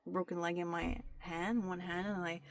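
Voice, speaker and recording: Speaking straight into her camera mic, a young woman records a candid, confessional vlog full of restarts and fillers. Her voice is lowish and level, at a normal speed, with slight background noise.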